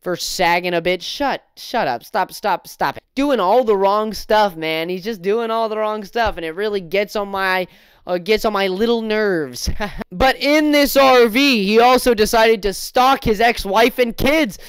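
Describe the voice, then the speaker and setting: A man's voice: sits high, measured pace, fairly bright tone, smooth, no echo, clean studio sound. A man doing casual mocking commentary, sarcastic and exasperated, rambling with restarts. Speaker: commentary YouTuber.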